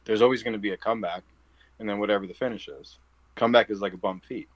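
Chatting casually as an interview guest, a New Jersey-accented pro wrestler brings his stories to life by acting out the dialogue. His voice sits lowish and he talks fast, captured on a dry, rough recording.

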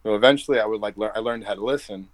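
A man's voice: lowish voice, rapid-fire, dry recording, low-quality recording. A man with a New Jersey accent, a professional wrestler chatting as an interview guest and acting out quoted dialogue. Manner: animated storyteller who acts out quoted dialogue. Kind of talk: casual interview chat.

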